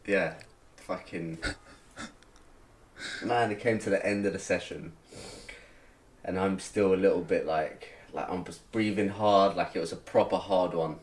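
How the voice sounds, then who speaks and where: A man's voice: low voice, a little hiss or hum. A young man, co-hosting a podcast and telling a long story in casual, sweary chat. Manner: rambling storytelling, heavy swearing, frequent laughter. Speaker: podcast co-host.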